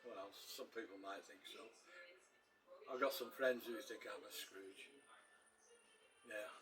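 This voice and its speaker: Middle-aged man, rambling chatty vlogger, dad jokes, bright voice, sitting a bit back from the mic. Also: lowish voice, slow pace, soft background music. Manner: rambling and jokey, chuckling at his own dad jokes; eating and chewing while talking. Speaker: home cooking vlogger. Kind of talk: casual chat to camera. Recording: voice a little distant from the mic.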